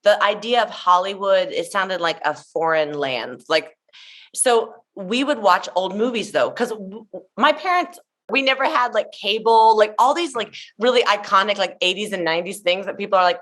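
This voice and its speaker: A woman's voice: medium pitch, normal speed. Chatty woman telling stories with gushing energy. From Tennessee, USA. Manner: gushing, animated storyteller with many "like" fillers. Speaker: guest, show emcee. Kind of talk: casual interview chat.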